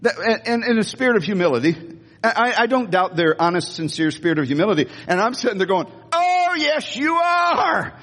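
An older American man, a pastor, preaching an animated sermon and calling on the congregation to repeat after him. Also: high-pitched, quick pace, big-room sound. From United States. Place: church sanctuary.

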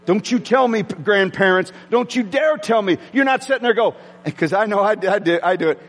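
Excitable high-voiced preacher man. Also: brisk. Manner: excitable, prone to yelling. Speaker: pastor. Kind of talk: sermon. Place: church sanctuary with congregation. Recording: long hall reverb.

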